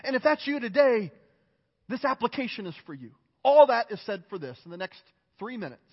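A man's voice: extremely high pitch, very animated, a little fast, breathy edge. A male pastor preaching a sermon in an earnest, emphatic way, repeating his phrases and joking at his own expense. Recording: reverberant hall, dull lo-fi sound.

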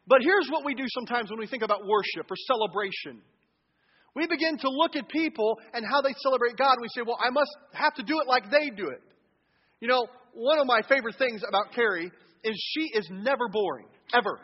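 A man with a very high voice preaching to a congregation, his words trailing off into the long reverb of a large hall. He keeps it humorous, slipping into little acted-out voices as he quotes what people think to themselves. The recording sounds dull and lo-fi. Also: breathy edge. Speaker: pastor. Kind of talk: sermon. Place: church sanctuary.

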